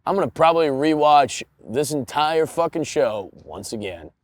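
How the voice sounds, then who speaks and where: A man putting on an overblown, drawn-out announcer voice, saluting someone in mock grandeur as a parody. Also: a little high, animated, lightly acted. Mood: mock-heroic.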